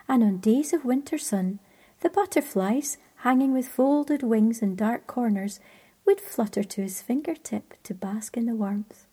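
Breathy whispering woman storyteller. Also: fairly high pitch. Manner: soft, hushed reading.

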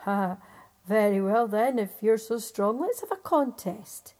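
A woman booming as a huge laughing giant. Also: lively intonation, unhurried, natural voice. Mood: challenging. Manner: loud, gruff.

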